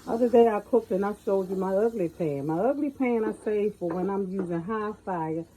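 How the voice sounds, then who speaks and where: A woman's voice: mid-range voice, normal speed, warm tone, slight background noise, rough recording. A middle-aged woman giving a folksy, chatty cooking tutorial in her home kitchen, often calling out to viewers as y'all. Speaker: home cook.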